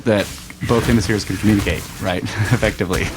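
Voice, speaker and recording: A man co-hosting a podcast in casual chat, rambling and swearing as he thinks out loud, laughing often. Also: fairly low pitch, big pitch swings, moderate pace, background noise. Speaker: podcast co-host.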